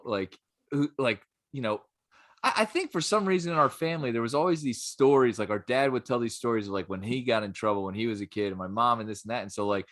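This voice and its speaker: A man's voice: mid-range voice, fairly bright tone. A man co-hosting a podcast in casual chat, rambling and peppering his talk with "like". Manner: rambling, full of "like" and restarts. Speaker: podcast co-host.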